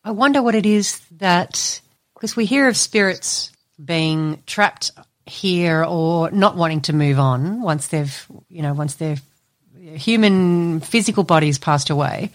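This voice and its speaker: A woman's voice: lowish voice, unhurried. A woman hosting a podcast, asking curious questions and thinking aloud as she goes. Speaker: podcast host. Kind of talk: casual interview chat.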